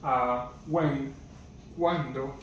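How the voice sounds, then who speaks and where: A man giving a casual vocabulary lesson, halting and searching for words as he lists them one by one. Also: medium pitch, steady tone, slight background noise. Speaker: language teacher. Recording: echoey room, distant muffled mic.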